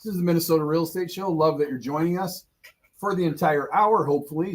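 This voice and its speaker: A man's voice: mid-range voice, brisk. A man co-hosting a live radio talk show in a studio, talking in a friendly, chatty way and repeating phrases. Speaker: radio co-host and real estate agent.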